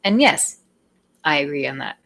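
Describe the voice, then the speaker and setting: A woman's voice: low-pitched, lively intonation, normal speed, gravelly, a bit bright. A woman hosting a casual live stream chat, rambling, swearing and laughing often.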